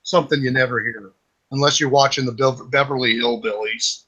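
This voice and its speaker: A man's voice: mid-range voice, fairly even intonation, a little fast, pushed and bright, husky. A man from Minnesota telling jokey stories in a casual group chat, swearing freely. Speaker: chat participant. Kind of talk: casual storytelling.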